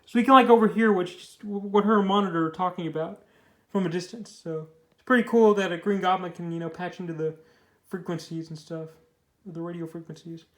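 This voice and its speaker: Young guy, pretty high voice, chatting about comics in an echoey room, lots of likes and restarts. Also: steady tone, brisk. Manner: rambling, filler-heavy, frequent restarts. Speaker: comic book reviewer. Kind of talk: casual comic review.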